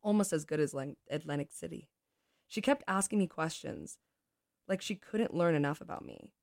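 A woman's voice: deep voice, moderate pace, vocal fry, no echo, clean studio sound. A woman hosting a show, reading a story and poems aloud expressively and chatting between pieces. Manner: expressive storyteller, laughs easily. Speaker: host reading stories and poems. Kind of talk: reading aloud and casual chat.

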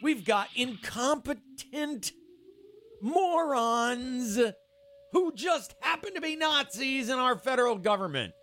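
A male radio host with a high voice that swings widely, delivering a heated, sarcastic rant. He swears freely between jabs. Faint music plays behind him. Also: expressive, slow pace, pushed and bright. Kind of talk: casual ranting monologue. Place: San Francisco.

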